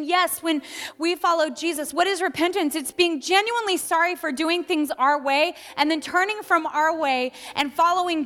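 A middle-aged woman delivers a heartfelt sermon, her high voice carrying through a reverberant hall. Faint music plays beneath her words, and she often laughs or sounds close to tears. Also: fairly bright tone. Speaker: pastor.

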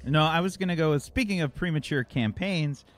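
A man acting as game master, casually joking and introducing the players. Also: on the high side. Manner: lively, joking, quick. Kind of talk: casual chat.

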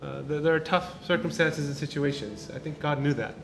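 Male pastor, informal sermon, fairly high voice, chatty delivery with repeats and tag questions, faint noise behind. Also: a little fast, gravelly. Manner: conversational, repeats words, many tag questions.

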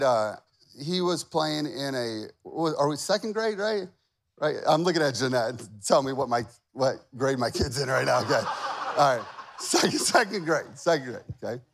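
A man in his forties preaching a sermon in a chatty, self-deprecating way, often asking the crowd questions. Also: on the high side. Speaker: pastor. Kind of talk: sermon with personal stories.

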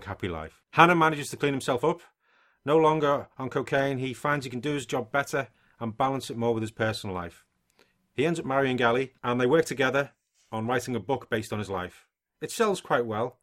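Man, podcast co-host, chatty, mid pitch, reads through notes with asides. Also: a bit bright. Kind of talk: casual podcast chat.

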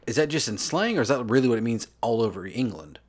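A man co-hosting a movie podcast, chatting casually with sarcastic, deadpan jokes. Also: medium pitch, quick pace. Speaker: podcast co-host. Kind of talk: casual chat.

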